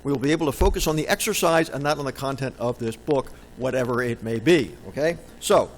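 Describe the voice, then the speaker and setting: A man's voice: mid-range voice, brisk, a little hiss or hum, rough recording. A man giving a conference talk in a session room, playful and jokey, often quizzing the audience. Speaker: conference presenter. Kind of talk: humorous conference presentation.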